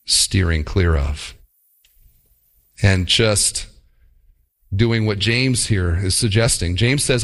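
Animated male pastor preaching, lively pitch. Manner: animated, mock-quoting with playful asides. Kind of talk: sermon.

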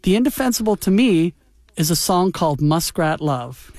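A man's voice: high voice, very animated, moderate pace, a little mellow, no echo, clean studio sound. A man co-hosting a music radio show, chatting with playful enthusiasm and wry asides. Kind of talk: casual chat.

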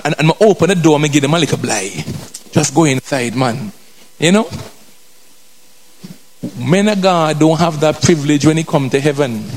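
Brief: male preacher, slightly high voice, emphatic and repetitive, keeps asking the congregation "Hello?". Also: a little mellow. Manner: emphatic, repeats phrases, asks the congregation "Hello?"; drifts in and out of a colloquial vernacular. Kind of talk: sermon.

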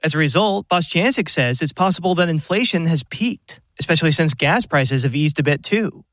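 A man's voice: fairly high pitch, a little fast, no room sound. Male radio reporter reading an economics piece. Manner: even, explanatory reading. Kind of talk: scripted news report.

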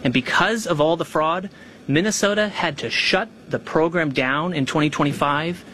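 A man giving a formal statement at a press conference, measured and emphatic, with a slightly raised pitch. Faint noise sits under his voice. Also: bright, forceful tone. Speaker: government official at a press conference.

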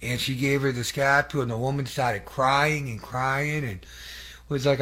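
A man's voice: mid-range voice, unhurried, a bit bright. A man giving an earnest, conversational testimony sermon, rambling with fillers and restarts and asking the audience to affirm him. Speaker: lay preacher giving testimony.

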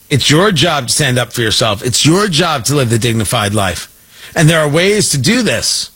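A man hosting a talk radio show, giving an emphatic, mocking political commentary monologue with drawn-out stresses. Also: a little high, pushed and bright, breathy edge.

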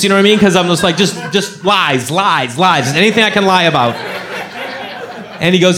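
A man's voice: sits high, brisk. A man doing stand-up comedy, telling a story and acting out the voices of the people in it. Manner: animated, acts out characters' voices.

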